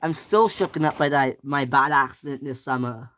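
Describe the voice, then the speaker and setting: A performer voicing a smug male train engine who teases and laughs loudly, in a toy train story. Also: medium pitch, normal speed, a little hiss or hum, natural voice. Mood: flustered. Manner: mocking, loud laughs.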